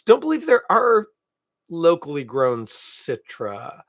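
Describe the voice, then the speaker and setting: A man's voice: a little high, big pitch swings, a little slow, fairly bright tone, no room sound, studio quality. A man from Canada hosting a beer podcast alone, chatting casually and thinking aloud with self-deprecating asides. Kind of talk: casual solo tasting chat.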